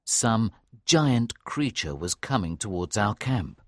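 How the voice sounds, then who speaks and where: A man giving a scripted audiobook narration of a story in a clear, lively storytelling manner. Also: lowish voice, slow pace, no room sound, clean studio sound.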